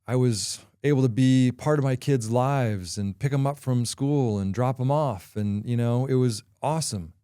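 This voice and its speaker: A middle-aged man hosting a podcast, talking through a personal confession in a candid, halting way with frequent pauses. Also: mid-range voice, dark tone, clean tone, dry recording, studio quality. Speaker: podcast host.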